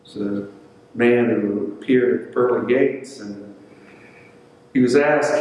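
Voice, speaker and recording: Speaking slowly with long pauses, a male pastor tells stories in his sermon and acts out the quoted voices. His tone is darkish and medium-pitched, recorded from afar in an echoey church sanctuary.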